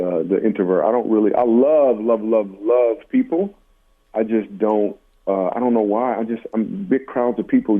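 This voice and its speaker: A comedian from Michigan telling stories in a casual interview, animated and self-deprecating. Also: male voice, fairly low pitch. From Michigan, USA. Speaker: comedian guest. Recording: tinny phone-like line.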